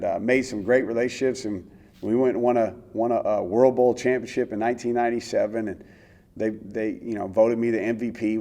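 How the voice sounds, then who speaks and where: A middle-aged American man, a former pro quarterback, telling his life story as an interview guest in an earnest, animated way with many fillers. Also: lowish voice, gravelly. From United States.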